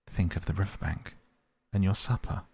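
A man reading the part of a tearful, homesick male mole in a storybook, speaking in halting, stammering sobs. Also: sits low, fairly even intonation, a little mellow, slightly rough, no room sound. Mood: pleading.

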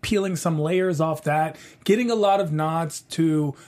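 Enthusiastic high-voiced man on a panel. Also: unhurried, a little mellow. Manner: enthusiastic, joking. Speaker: panel guest. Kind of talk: casual TV recap chat.

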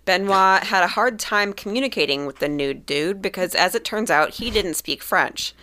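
A woman's voice: mid-range voice, lively intonation, moderate pace, sharp tone, slight background noise. A woman hosting a podcast, telling a story casually with dry jokes. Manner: narrates with dry jokes and laughs.

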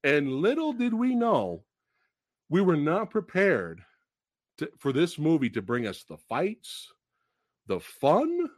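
A man hosting a movie review podcast, ranting loudly and profanely with bursts of shouting. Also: a little high, slow pace, long pauses, no room sound. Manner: animated, emphatic delivery. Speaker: podcast host.

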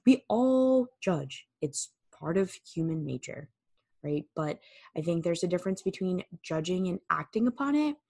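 Talking into a studio mic for her solo podcast, a woman with a lowish, darkish voice and vocal fry is candid and casual. She curses freely and doubles up on words to drive points home.

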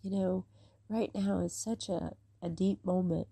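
A woman's voice: lowish voice, fairly even intonation, unhurried, warm tone, no room sound. A woman talking casually and emotionally about her faith, rambling and near tears, then reading scripture aloud. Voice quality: voice a bit rough today. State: close to tears. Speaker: faith vlogger.

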